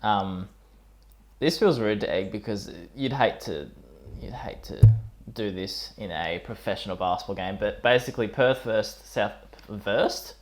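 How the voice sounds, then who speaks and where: Male co-host, fairly low voice, chatty and teasing, quick to laugh. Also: darkish tone. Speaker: podcast co-host. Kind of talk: casual chat.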